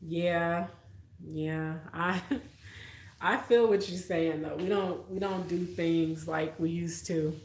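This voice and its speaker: A woman's voice: on the low side, fairly even intonation, slow, a little mellow. A young adult woman, telling childhood stories and chatting with viewers on a late-night live stream, laughing often. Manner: laughs often, storytelling, reads viewer comments. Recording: echoey room.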